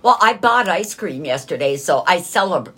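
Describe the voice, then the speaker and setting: Woman, radio co-host, easygoing banter, lively pitch, husky tone. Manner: easygoing, quick reactions. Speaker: radio talk show co-host. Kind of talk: casual on-air banter.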